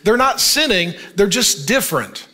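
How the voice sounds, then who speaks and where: A male pastor with a high, bright, ringing voice delivers a sermon. He reads scripture at a measured pace, then turns chatty and joking as he talks it over, checking in with his listeners with a quick "Amen?". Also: sing-song. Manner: conversational and joking, asks the crowd "Amen?".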